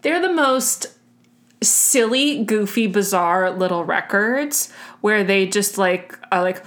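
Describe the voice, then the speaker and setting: A woman's voice: medium pitch, animated, slow pace, fairly bright tone. A woman from the United States co-hosting a podcast in casual chat, wry and self-deprecating. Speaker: podcast co-host.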